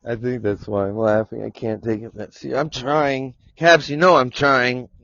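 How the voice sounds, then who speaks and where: A man's voice: mid-range voice, steady tone, moderate pace, a bit bright, dry recording. A male podcast host chatting casually on a live stream, rambling, cursing and laughing often as he talks. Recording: dull lo-fi sound.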